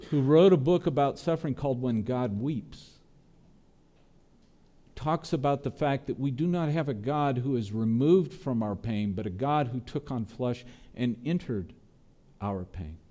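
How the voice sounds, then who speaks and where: A man preaching a sermon, earnest, his voice dropping low and soft on tender lines and lifting on prayers. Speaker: pastor.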